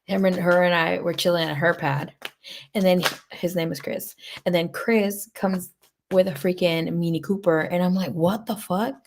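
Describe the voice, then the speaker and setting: On a laid-back livestream, a woman reads tarot, telling stories in a blunt, chatty, profane manner. Her voice is lowish with fairly even intonation, she speaks at a normal speed, and there is slight background noise.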